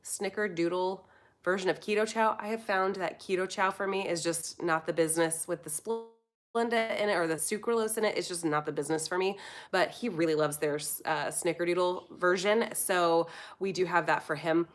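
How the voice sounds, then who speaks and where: A woman's voice: lowish voice, normal speed. An American woman in her thirties, chatting casually on a live stream and reading out viewer comments as she rambles. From United States. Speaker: food vlogger answering live chat.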